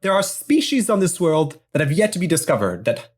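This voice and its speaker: A podcast co-host narrating an improvised adventure story in a playful, animated way. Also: mid-range voice, a little fast, breathy edge.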